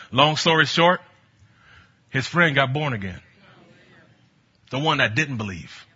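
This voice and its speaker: A man preaching a sermon, telling stories from his ministry and building to bold exhortation, with a husky voice. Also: mid-range voice, slow. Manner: animated, storytelling, rising to bold exhortation. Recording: dull lo-fi sound.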